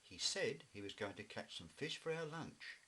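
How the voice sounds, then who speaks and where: A man's voice: medium pitch, big pitch swings, normal speed, sharp tone, slight background noise. A man doing a firm mother bear. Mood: motherly.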